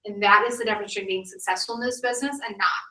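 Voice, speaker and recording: Bright, emphatic woman coaching a room. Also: medium pitch, fairly even intonation, racing. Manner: emphatic, chatty, peppered with "like". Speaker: sales director training new consultants. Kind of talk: motivational training talk. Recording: echoey room, mic at a distance.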